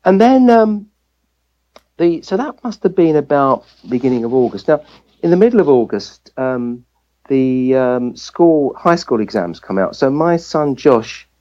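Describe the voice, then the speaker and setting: An English family physician appears as an interview guest, telling a personal story and acting out the voices he quotes. His mid-range voice is mellow, and the audio sounds dull.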